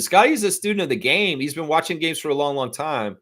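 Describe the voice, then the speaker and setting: A man's voice: on the high side, animated, brisk. Fired-up, swearing male stream host. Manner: fired-up, profane ranting that swings loud. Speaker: live-stream host reading viewer chat. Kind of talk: casual fan reaction stream.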